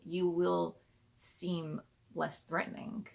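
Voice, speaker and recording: A woman explaining parenting steps in a patient, conversational way, sometimes acting out gentle lines a parent might say. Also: fairly low pitch, a little slow, creaky. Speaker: parenting educator. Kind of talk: explanatory talk.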